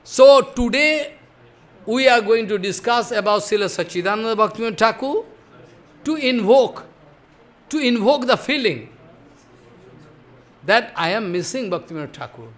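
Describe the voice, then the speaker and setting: A man's voice: sits high, lively intonation, normal speed, pauses often, fairly bright tone. A man giving a devotional sermon, emphatic and questioning, often checking with "follow?". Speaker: spiritual teacher.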